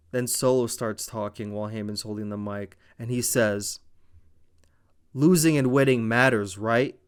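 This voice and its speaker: Male show reviewer, smooth resonant voice, casual animated play-by-play recap, profane. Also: mid-range voice. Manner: animated, blow-by-blow retelling with profanity.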